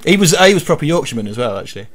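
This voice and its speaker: A man's voice: a little high, sing-song, very fast. A man hosting a casual gaming commentary, joking and swearing through rambling banter. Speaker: host.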